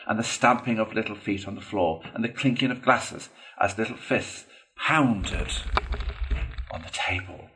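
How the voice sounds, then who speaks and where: A man narrating a classic children's storybook in an expressive read-aloud style. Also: fairly low pitch. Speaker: audiobook reader.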